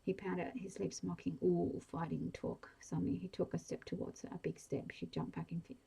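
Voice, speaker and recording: A woman whispering a bedtime story in a soft, hushed and even way, in a whispered role-play style. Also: fairly low pitch, a little fast, vocal fry, husky, rough recording. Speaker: audiobook reader.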